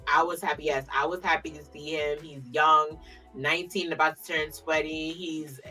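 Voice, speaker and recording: A woman's voice: low-pitched, steady tone, moderate pace, pushed and bright, recorded from a distance, faint music behind. A woman co-hosting a podcast, chatting casually and emphatically about last week's matches, full of slangy asides. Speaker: podcast co-host. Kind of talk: casual wrestling recap chat.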